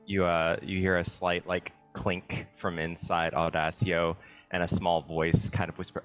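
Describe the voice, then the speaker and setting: A man's voice: sits low, little pitch movement, measured pace, fairly bright tone, faint music behind. A man narrating as a tabletop game player, casual and hesitant.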